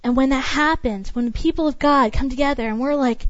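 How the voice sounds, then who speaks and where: A woman's voice: high-pitched, fast talker, hardly any pauses, dry recording, lo-fi sound. A woman preaching a sermon in an emphatic, repetitive cadence.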